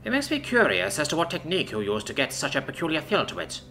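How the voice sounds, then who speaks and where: A man voicing an imperious female dragon ruler who speaks in a measured, silky, threatening way. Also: a little high, huge pitch swings, pushed and bright, pitched above the performer's own voice, full character voice. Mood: cool menace. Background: faint background music.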